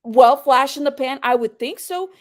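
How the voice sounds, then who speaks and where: A high-pitched woman hosts a live commentary stream, heated and confrontational as she calls out a viewer in her chat. She talks straight at the audience in a casual, blunt way. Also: moderate pace. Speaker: livestream host.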